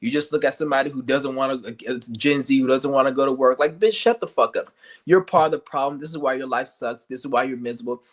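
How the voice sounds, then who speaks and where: A man's voice: mid-range voice, steady tone, fast talker, hardly any pauses. Profane ranting man on a stream. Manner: profane, heated, repetitive rhetorical questions; insulting, blunt. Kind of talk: angry vlog rant.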